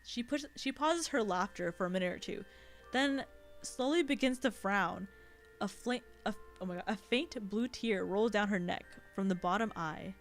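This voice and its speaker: A woman's voice: mid-range voice, moderate pace, soft background music. Giggly woman streamer reading a game. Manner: giggly, swears in asides. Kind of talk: reading a game aloud with commentary.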